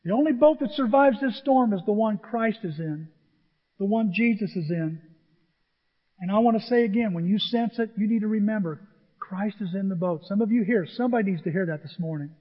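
High-voiced preacher in an echoey church. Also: male voice, animated, brisk. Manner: dramatic, swings from loud declarations to quiet asides. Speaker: pastor. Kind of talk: sermon. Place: church sanctuary. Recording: dull echoey sanctuary sound.

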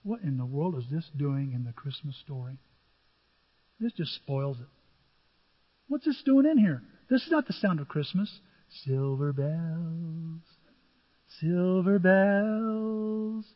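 A man's voice: on the high side, big pitch swings, normal speed, long pauses, slightly rough. An older man preaching a sermon as pastor, speaking conversationally and acting out dialogue from the stories he tells. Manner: conversational storytelling, acts out biblical dialogue. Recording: dull audio with long hall reverb.

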